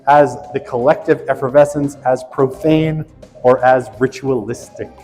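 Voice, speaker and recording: A man's voice: on the high side, darkish tone. A man leads a class through a quiz, reading each question and its options aloud. He talks in a casual, joking way. His voice carries a long echo, with faint music underneath. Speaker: instructor. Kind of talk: lecture quiz review.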